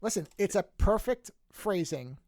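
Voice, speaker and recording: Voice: medium pitch, expressive, unhurried, darkish tone, dry recording. A podcast co-host in casual chat, amused and stumbling over words.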